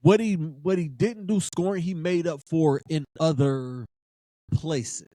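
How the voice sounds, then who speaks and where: A man with a high, light voice hosts a casual sports podcast. He talks emphatically and keeps circling back to the same phrases. The sound is dry and close, with no room around it. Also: unhurried, warm tone, dry recording. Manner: fired-up, emphatic, repeats phrases for effect.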